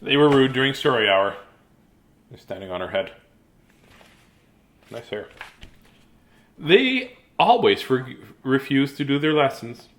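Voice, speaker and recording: Unhurried and given to long pauses, this man speaks with lively intonation in a mid-range, fairly bright voice. In his fifties, he reads a children's book aloud live in a casual way, chatty and jokey with digressions between pages.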